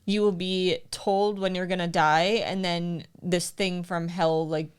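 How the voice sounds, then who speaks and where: Woman with a smooth lowish voice, laid-back podcast chat. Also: a little slow. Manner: relaxed, brief agreeing replies. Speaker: podcast co-host. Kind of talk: casual chat.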